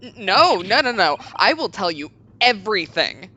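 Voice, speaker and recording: A woman's voice: medium pitch, sing-song, moderate pace, sharp tone, muffled recording, a little hiss or hum. Woman voicing a dazed young man framed for murder. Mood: panicked. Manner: groggy, bewildered, panicky. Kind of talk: reading game dialogue aloud.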